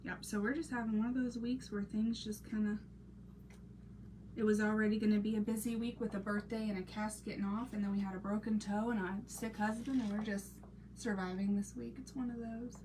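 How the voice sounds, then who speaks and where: A woman in her thirties hosting a casual crafting live stream, chatting and greeting viewers by name, sometimes dropping to a soft half-whisper while she works. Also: medium pitch, steady tone, brisk. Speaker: crafting channel host. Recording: distant mic with noisy background.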